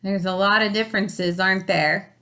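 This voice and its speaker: A woman reading a picture book aloud to children, gentle and storytelling, then chatting about the story. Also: medium pitch, fairly even intonation, moderate pace.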